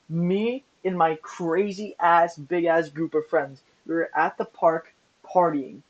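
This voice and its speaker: A man in a casual podcast chat, telling a wild story in an excitable, profane way, often laughing. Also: fairly high pitch. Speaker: podcast co-host. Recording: muffled lo-fi audio.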